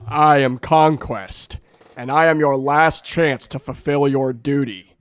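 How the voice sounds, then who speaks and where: A man voicing a domineering alien warlord who booms slow, commanding threats. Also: steady tone, smooth, no room sound, close to an everyday voice. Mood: menacing.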